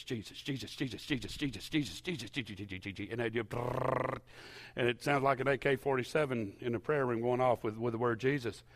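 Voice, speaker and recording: A man preaching a sermon in a church, telling stories and at times rising to loud, impassioned shouting. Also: medium pitch. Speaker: pastor.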